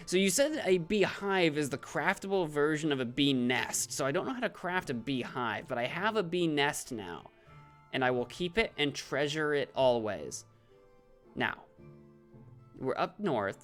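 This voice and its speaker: A man's voice: a little high, sing-song, measured pace, fairly bright tone, faint music behind. A man casually commenting on his own gameplay during a live stream, chatting with viewers and poking fun at himself. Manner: chatty, self-deprecating, reads chat aloud.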